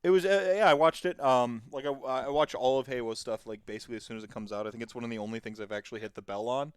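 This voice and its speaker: A man's voice: mid-range voice, fast, clear, resonant tone, no echo. A man hosting a podcast in casual chat, rambling and digressive as he tells stories. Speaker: podcast host.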